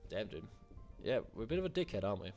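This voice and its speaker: Young man, streamer, casual game commentary, wry, animated pitch, faint music. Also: very fast. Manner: wry, swearing asides, laughing. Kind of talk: casual commentary while playing a story game.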